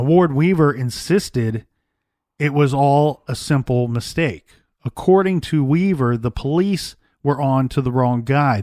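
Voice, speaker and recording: A man hosts a true crime podcast and lays out the case in a measured, storytelling way. His voice sits at an ordinary middle pitch. The sound is dry and close, with no room echo. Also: a little mellow. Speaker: podcast co-host.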